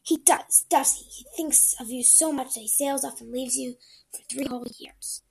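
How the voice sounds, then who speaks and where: A woman reading aloud voices a bossy household cook who talks in a sharp, scolding way. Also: high voice, fairly even intonation, normal speed, creaky, breathy edge, full character voice. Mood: scornful.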